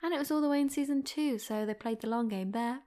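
A woman hosting a casual chat, answering fan questions with effusive, rambling enthusiasm that often drops into soft half-whispers. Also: a little high, fast. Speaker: podcast host, former series actor.

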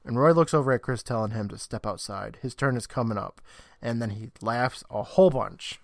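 A man's voice: medium pitch, gravelly, no echo. Man, podcast co-host, casual plot recap, chatty asides, dry recording. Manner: retells plot with quick asides and laughs.

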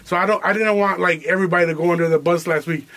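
A man's voice: sits high, steady tone, racing, fairly bright tone. A young man hosting a podcast, telling a story in a profane, slangy, laughing way. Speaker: podcast host. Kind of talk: casual storytelling chat.

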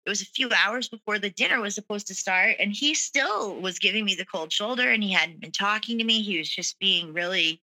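A woman speaks briskly at medium pitch with few pauses, her tone bright and forceful, while candidly telling her own story as a guest. She's earnest and uses many fillers such as "you know" and "like." It's a low-quality recording.

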